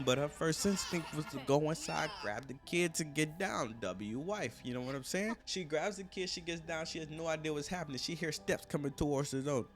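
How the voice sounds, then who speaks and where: A young man recounts a crime case in loose, joking street slang, talking straight to his listeners. His voice sits a bit high for a man, with soft background music underneath. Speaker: storyteller. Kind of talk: casual true-crime storytelling.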